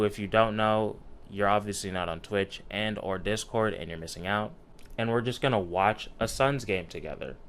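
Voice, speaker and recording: A man's voice: lowish voice, fairly bright tone, a little hiss or hum. A young man hosting a casual sports vlog, ranting with profanity and rising outbursts. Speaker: sports commentary YouTuber.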